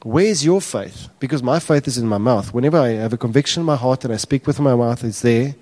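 Male pastor, lively sermon delivery that jumps loud on acted-out quotes. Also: mid-range voice, quick pace. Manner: animated, acts out quotes with raised voice.

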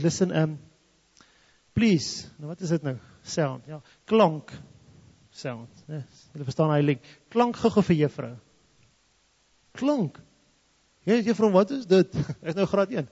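A man from South Africa's Free State, a native Afrikaans speaker with an Afrikaans South African accent, tells a story as a testimony, moving back and forth between English and Afrikaans. His voice is mellow, slightly high and slightly quick. The recording is dull and lo-fi, made in a reverberant hall.

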